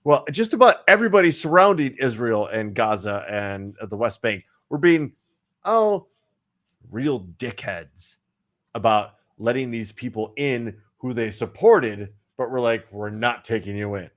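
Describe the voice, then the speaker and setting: A man's voice: mid-range voice, lively intonation, a little slow, fairly bright tone. A man co-hosting a casual podcast chat, digressive and profane, often laughing. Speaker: co-host.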